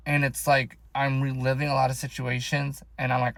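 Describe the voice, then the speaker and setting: A man's voice: mid-range voice, flat delivery, moderate pace, creaky, fairly bright tone, no echo. A young man telling a rambling, emotional story about his faith in a casual video, with lots of "like". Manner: rambling, emotional, heavy use of "like". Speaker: vlogger. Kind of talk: casual personal faith talk.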